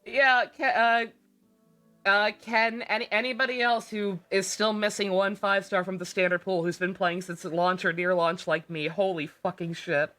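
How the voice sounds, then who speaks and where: A young woman live-streaming a game, chatting casually, excitable and emotional, with lots of laughing and swearing. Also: mid-range voice, moderate pace, faint music behind.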